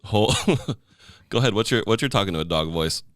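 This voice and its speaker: Guy hosting a podcast, low voice, bouncy, cracks himself up, dry mic. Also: animated, brisk, a bit bright, dry recording. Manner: laughs often, joking. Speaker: podcast host. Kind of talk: casual chat.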